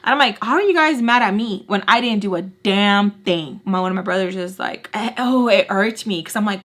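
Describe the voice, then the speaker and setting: A young woman vlogger telling a personal storytime, frank and animated, acting out the people she quotes. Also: mid-range voice, fairly quick. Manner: animated, acts out quoted voices, frank and salty. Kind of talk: casual storytelling.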